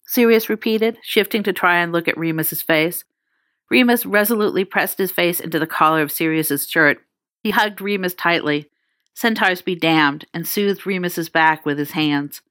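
A woman reads a story aloud in a lowish voice. She lifts her pitch to act out the characters' lines. The recording is dry and close. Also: normal speed, fairly bright tone, no room sound. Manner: acts out dialogue with raised pitch. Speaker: reader. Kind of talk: reading fan fiction aloud.

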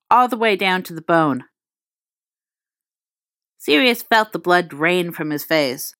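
A woman reads a story aloud in a lowish voice. She lifts her pitch to act out the characters' lines. The recording is dry and close. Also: animated, a little slow, fairly bright tone, dry recording. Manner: acts out dialogue with raised pitch. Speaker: reader. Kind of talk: reading fan fiction aloud.

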